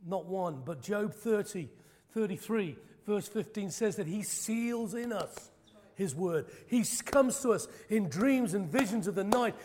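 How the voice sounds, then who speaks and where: A man's voice: high-pitched, lively intonation, measured pace, a little mellow, long reverb tail, slight background noise. A man preaching a sermon, moving from prayer to a personal testimony, impassioned and emphatic, with self-deprecating jokes. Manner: self-deprecating, joking asides.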